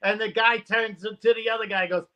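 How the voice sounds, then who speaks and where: A man on a comedy talk show, chatting casually and dropping deadpan punchlines. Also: high voice, fairly quick. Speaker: guest comedian. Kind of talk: casual chat.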